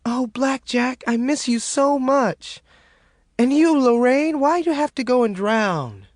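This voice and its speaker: Fed-up young mom, voiced by a man, high and snapping, lively swings. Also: moderate pace, dry recording, studio quality. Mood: tearful. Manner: exasperated, snapping. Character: fed-up young Southern mother, sharp-tongued.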